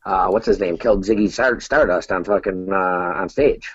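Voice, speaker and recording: A man's voice: sits low, moderate pace, crowd noise. A laid-back man co-hosting a podcast in casual chat, laughing often. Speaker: podcast co-host. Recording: dull lo-fi sound.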